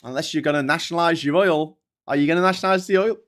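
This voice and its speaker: A British-accented man hosts a casual political commentary show, sweary, sarcastic and taunting. His voice is on the high side with a fairly bright tone, and he talks at a racing speed.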